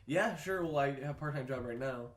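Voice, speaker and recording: A man's voice: medium pitch, fast. A young man co-hosting a podcast, chatting casually with plenty of laughter and swearing. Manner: laughing, profane, excitable. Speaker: podcast co-host. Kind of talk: casual chat. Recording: echoey room, faint noise.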